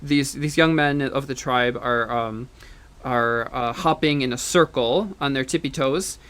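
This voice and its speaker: A man's voice: medium pitch, unhurried, fairly bright tone, smooth. A man giving a university music lecture, explaining step by step, counting beats and humming rhythms, with frequent fillers and restarts.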